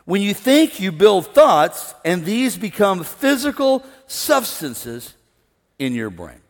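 Middle-aged pastor preaching in an echoing hall. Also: male voice, sits high, takes it slowly. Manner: animated, swinging from loud excitement to hushed calm. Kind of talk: sermon. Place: large church hall with an audience. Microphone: wireless stage mic. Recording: long hall reverb.

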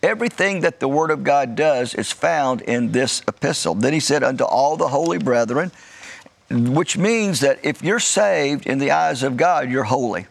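Gravelly-voiced male preacher. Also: medium pitch, lively intonation. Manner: measured preaching with emphatic drawn-out words; light joking asides. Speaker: pastor. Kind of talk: sermon.

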